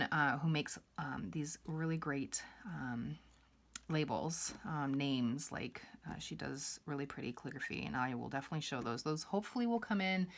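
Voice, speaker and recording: A young woman chatting casually through her budget on camera, rambling with fillers and a little out of breath. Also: sits low. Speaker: budgeting vlogger.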